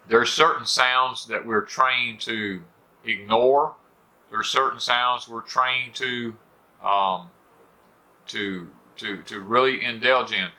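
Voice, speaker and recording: A man's voice: medium pitch, sharp tone. A middle-aged man with a Southern US accent, hosting a rambling, folksy porch talk for viewers and leaning on "you know" fillers. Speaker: homestead channel host. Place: on a porch at home.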